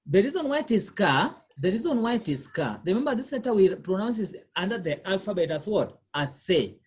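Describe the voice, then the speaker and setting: A woman's voice: medium pitch, big pitch swings, a little fast, a little mellow, breathy edge. A woman tutoring a learner one-on-one, patiently repeating questions and quizzing the learner as she explains. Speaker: language tutor. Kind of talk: one-on-one lesson.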